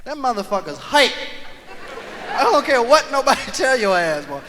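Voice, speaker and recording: A male stand-up comedian telling profane, animated stories on stage and acting out voices. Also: very high-pitched, moderate pace, big-room sound. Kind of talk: live stand-up storytelling. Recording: live concert album with crowd and hiss.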